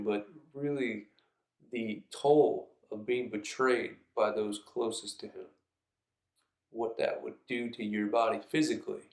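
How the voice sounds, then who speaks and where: A man preaching a sermon in an earnest, reflective way, reading scripture aloud in a church. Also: fairly low pitch. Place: church sanctuary. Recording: echoey room.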